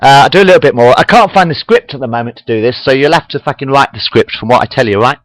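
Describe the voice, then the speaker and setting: A man reads his homemade fan story into a webcam, rambling, apologetic and correcting his own slips along the way. His voice is of middling pitch. The room sound is dry and close. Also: quick pace, dry recording, poor audio. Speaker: amateur fan fiction reader. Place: home room.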